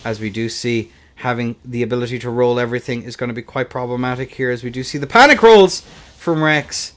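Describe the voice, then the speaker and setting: Animated young male esports caster. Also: mid-range voice, brisk. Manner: animated, jumps between hushed and hyped calls; playful, slips into a joking Scottish accent. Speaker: tournament commentator. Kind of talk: play-by-play esports commentary.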